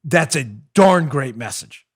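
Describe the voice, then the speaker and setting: A man hosting a political talk show, animated and mocking, often breaking into laughter. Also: medium pitch, slow. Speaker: host.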